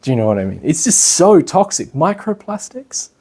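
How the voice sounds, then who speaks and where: An Australian man giving a casual lecture, chatty and animated, with many fillers. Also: fairly high pitch, normal speed, husky. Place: class in a meeting room.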